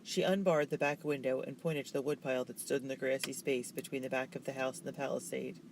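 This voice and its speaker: A man narrating a children's novel in a steady, measured way. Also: medium pitch, vocal fry, a little hiss or hum, rough recording. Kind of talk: reading a children's novel aloud.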